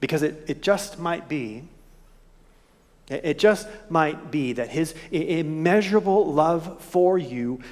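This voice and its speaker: Reflective pastor preaching in a reverberant church. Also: male voice, on the high side, lively intonation, slow. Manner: gentle, reflective preaching with rhetorical questions. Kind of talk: sermon. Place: church sanctuary. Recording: long hall reverb.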